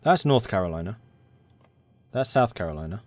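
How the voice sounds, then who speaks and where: A man's voice: fairly low pitch, animated, moderate pace, no echo. A man giving casual commentary on a strategy game, thinking aloud and correcting himself as he goes. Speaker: game streamer.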